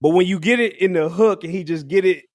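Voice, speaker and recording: Podcast co-host, male, higher-pitched, loose and slangy, frequent laughter, dry booth. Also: quick pace, no room sound. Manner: slangy, laughs often, rambling restarts. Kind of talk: casual music review chat.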